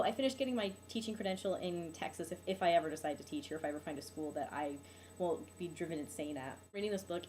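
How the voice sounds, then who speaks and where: A woman's voice: on the low side, a little hiss or hum. Exasperated young woman venting. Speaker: vlogger. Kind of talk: casual vlog monologue.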